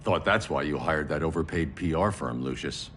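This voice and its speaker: An actor playing a grim, secretive male billionaire vigilante who gives terse, gravelly commands in a game cutscene. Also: very deep voice, moderate pace, fairly bright tone, big-room sound, slight background noise. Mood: stern.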